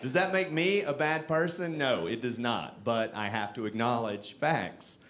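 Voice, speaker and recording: Into a handheld microphone on a club stage, a Texan comic performs stand-up with animated, self-mocking delivery. His voice is mid-range and he doesn't rush.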